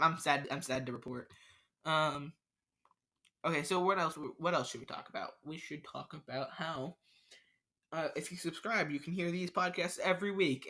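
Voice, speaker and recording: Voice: medium pitch, bright, forceful tone. A podcast host, rambling through an unscripted solo rant, stammering and restarting sentences often.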